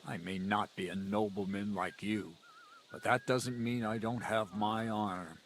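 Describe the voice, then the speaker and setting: A man's voice: fairly low pitch, a little slow, slight background noise. An actor playing an earnest commoner leader who argues hard for his friend's innocence. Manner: earnest, pleading, animated. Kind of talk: video game dialogue.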